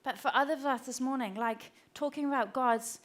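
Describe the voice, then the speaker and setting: A woman preaching a church sermon, conversational and earnest, often acting out quoted voices and sometimes dropping to a hushed tone. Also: high-pitched, brisk.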